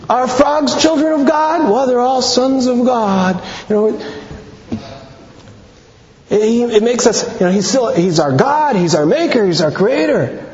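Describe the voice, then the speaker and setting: A man delivers a sermon at an unhurried pace, stressing points, repeating phrases and posing rhetorical questions. His voice sits high for a man. The sound is dull and lo-fi, with long reverb from a big hall. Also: darkish tone. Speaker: preacher.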